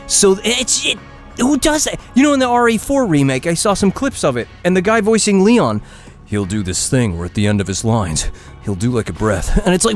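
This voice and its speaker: Soft music plays behind a man whose high, sing-song voice moves at normal speed. He's giving live commentary while streaming a game, rambling and ranting with frequent laughs, self-interruptions, and over-the-top gripes.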